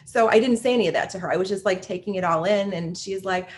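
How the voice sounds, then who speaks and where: A woman's voice: mid-range voice, quick pace, a little hiss or hum. Chatty woman podcast host. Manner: chatty storyteller, frequent "like". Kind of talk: podcast interview conversation.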